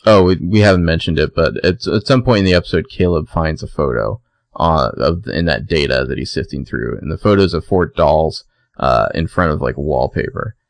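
A man's voice: rumbling low, moderate pace, gravelly, dry recording. A man co-hosting a podcast, recapping a TV episode in casual chat, loose and filler-heavy, laughing often. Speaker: podcast co-host.

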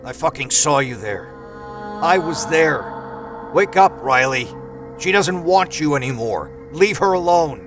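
A man voicing a menacing, unhinged man who talks in low, slow, ominous mutters. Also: lively intonation, music in the background. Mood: angry.

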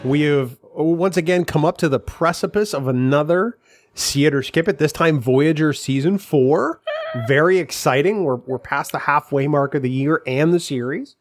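A man with a fairly high voice co-hosts a casual podcast, trading jokes and teasing banter. The sound is dry and close, with no room in it. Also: moderate pace, no echo. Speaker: podcast co-host.

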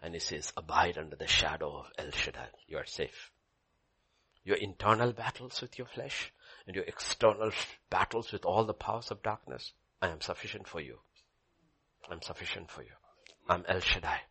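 A man preaching a sermon to a congregation in church, swinging from low murmurs to high excited cries. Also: normal speed, slightly rough.

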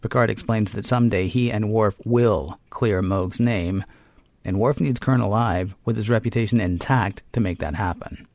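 A man co-hosting a podcast, recapping a story in a wry, quick way with asides. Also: on the low side, darkish tone, dry recording. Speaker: podcast co-host. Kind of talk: casual chat and episode recap.

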